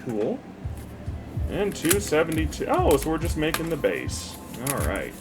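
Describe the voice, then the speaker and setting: A man's voice: fairly high pitch, huge pitch swings, a little slow, over music. A man chatting casually while building a model. He rambles, swears freely and loses his thread as the build distracts him. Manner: meandering, profane, easily distracted by the build. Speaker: model builder retelling a parable.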